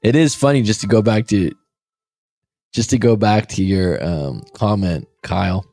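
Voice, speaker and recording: A life coach in his forties hosts a show, talking bluntly and casually and swearing freely, in a casual podcast style. His voice is fairly low and a little mellow, with an unhurried delivery.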